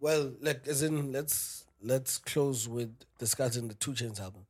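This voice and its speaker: A man's voice: medium pitch, a little slow. A man co-hosting a podcast, slangy and teasing in casual banter. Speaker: podcast co-host.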